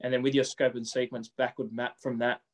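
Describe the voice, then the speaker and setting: A man, a coach answering interview questions in quick runs with frequent repeated words. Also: medium pitch, level tone.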